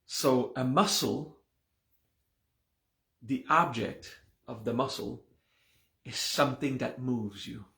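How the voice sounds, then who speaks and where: Male teacher with a gravelly voice, patient and slow, recorded in an echoey room. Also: medium pitch, fairly bright tone. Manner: slow, explains patiently with repeated "okay?". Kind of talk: live class explaining Sanskrit words.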